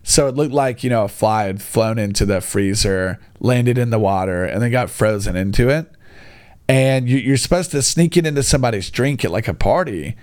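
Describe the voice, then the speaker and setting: A young man telling a rambling comic story, jumping between asides and mocking the people he quotes. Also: mid-range voice. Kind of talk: comedic storytelling monologue.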